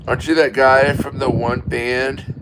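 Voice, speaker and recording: A man's voice: medium pitch, little pitch movement, measured pace. An American man hosting a casual late-night livestream from an outdoor porch, rambling and answering viewer comments as they come in on his phone. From United States. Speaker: livestream host. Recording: loud wind noise on a phone mic.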